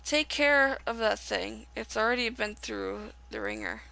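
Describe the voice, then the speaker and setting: A woman's voice: fairly high pitch, huge pitch swings, unhurried, creaky, pushed and bright, heavily acted, poor audio. A woman reading as an older male blacksmith. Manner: reading game dialogue aloud.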